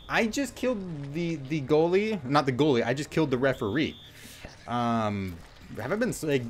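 A man's voice: mid-range voice, a little hiss or hum. A man giving playful, goofy let's-play commentary over a game, often stumbling and restarting his words. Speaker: gameplay commentator.

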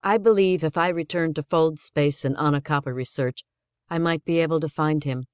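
A man voicing a determined woman starship captain who speaks gently and measuredly, raising his pitch for her. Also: steady tone, moderate pace, smooth, no room sound, clean studio sound, natural voice. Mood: resolute.

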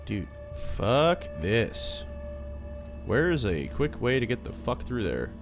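A man's voice: mid-range voice, very animated, takes it slowly, soft background music. A young man playing a horror game and commentating, jittery, swearing often and talking to himself. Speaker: gaming streamer.

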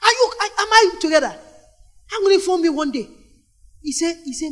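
Nigerian woman, middle-aged, high-pitched, preacher, animated sermon, call-and-response. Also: fairly quick. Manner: animated storytelling with call-and-response questions to the congregation.

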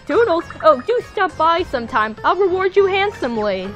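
A woman's voice: very high voice, very animated, moderate pace, soft background music. A woman reading as a snooty rich VIP guest. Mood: haughty. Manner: haughty, self-important.

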